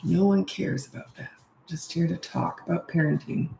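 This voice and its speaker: Woman parenting coach chatting away on a live, rambly and laughy, kinda gravelly voice. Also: on the low side, steady tone, normal speed, background noise. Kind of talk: live-stream chat. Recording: echoey room.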